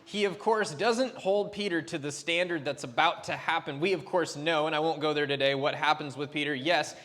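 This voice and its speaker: A man's voice: fairly high pitch, moderate pace, fairly bright tone. A man preaching a sermon as a pastor, chatty and loose, with fillers and restarts. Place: church sanctuary. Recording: long reverb of a church hall.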